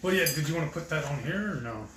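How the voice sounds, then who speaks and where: A man co-hosting a home cooking livestream, chatting and teasing in a relaxed, easygoing way. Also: on the high side, fast talker. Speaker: co-host. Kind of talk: casual kitchen chat. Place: home kitchen. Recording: echoey room with faint background noise.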